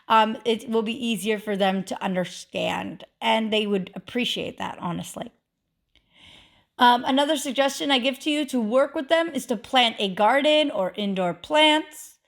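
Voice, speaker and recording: A fairly high-voiced woman talks through a casual instructional vlog. She is chatty and loose, leaning on fillers and repeating her warnings for emphasis. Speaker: witchcraft video host.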